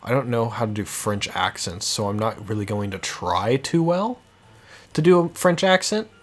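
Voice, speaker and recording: Chatty, lively-voiced man playing a game. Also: fairly low pitch, moderate pace, faint music behind. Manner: chatty and self-mocking, swears casually. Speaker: video game let's-player. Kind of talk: casual gameplay commentary.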